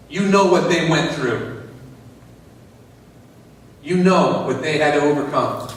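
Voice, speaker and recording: A man's voice: a little high, a little hiss or hum. Earnest man telling a story in a hall. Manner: earnest, repeats phrases, talks to listeners as "you". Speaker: motivational speaker. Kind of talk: inspirational storytelling at a business seminar. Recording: echoey hall from far off.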